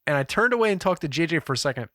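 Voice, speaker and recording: A man co-hosting a podcast, telling a story in a casual, profane and animated way. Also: fairly high pitch, racing, no room sound, studio quality. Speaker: podcast co-host. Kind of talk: casual chat.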